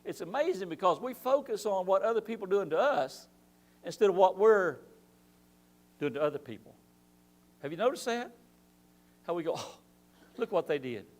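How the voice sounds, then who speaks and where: Lively high-voiced man teaching Bible class. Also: normal speed, long pauses. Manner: animated preaching with rhetorical questions and acted-out quotes. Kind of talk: church Bible class lesson. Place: church.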